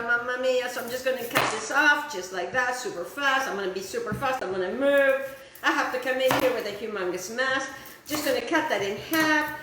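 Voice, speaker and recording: A woman's voice: sits high, a bit bright, very echoey, a little hiss or hum, low-quality recording. A woman hosting a cooking show, chatting casually to her viewers as she demonstrates a recipe in her kitchen. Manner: chatty, addresses viewers as guys, repeats "just like that".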